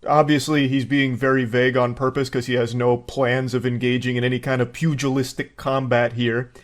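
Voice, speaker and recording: Brief: a man, a commentary narrator, scripted and sneering, mid-pitched voice. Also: flat delivery, fairly quick. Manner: sardonic, mocking, wordy insults.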